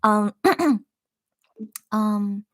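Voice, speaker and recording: A woman hosting a casual livestream podcast, reading chat comments aloud and gushing with excitement through lots of fillers. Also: medium pitch, very slow. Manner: excited, gushing fan talk with many fillers.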